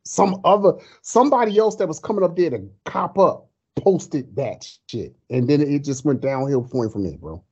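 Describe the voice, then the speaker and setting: Mellow, husky man, lo-fi sound. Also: a little high, animated, normal speed. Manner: laid-back, slangy. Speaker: podcast co-host. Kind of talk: casual podcast chat. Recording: dull lo-fi sound.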